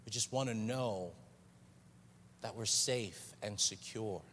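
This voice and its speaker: A man delivers a sermon slowly and earnestly, dwelling on repeated phrases. His voice sits very low. It rings out with a long reverb across a church sanctuary over faint background noise. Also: a bit bright. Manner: earnest, unhurried preaching with pauses and repeated phrases. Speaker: pastor.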